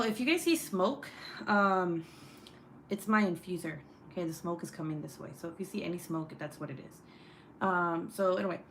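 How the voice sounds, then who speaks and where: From her home desk, a young woman with a fairly low, slightly bright voice runs a loose, chatty true crime livestream, swearing freely and casually reading out viewer comments. She's captured on a desk setup, likely a phone or webcam, with a faint hiss beneath her voice.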